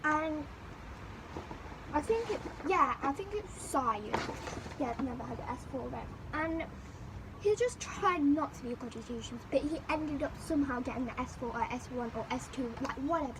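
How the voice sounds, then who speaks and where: A young woman vlogger telling a school story in a rambling, animated way, looping back over the same phrases. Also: high-pitched, normal speed, noisy background. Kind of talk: storytime chat.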